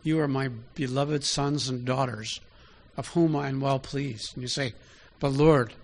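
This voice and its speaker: A man's voice: mid-range voice, steady tone, unhurried. A man preaching a sermon in an easy, conversational way, often asking his listeners direct questions.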